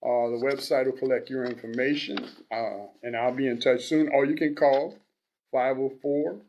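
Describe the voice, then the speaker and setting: A man in his sixties hosting a radio show, talking in an unhurried, halting way with frequent restarts. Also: mid-range voice, fairly even intonation, darkish tone, a little hiss or hum. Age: 60s. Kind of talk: casual radio talk.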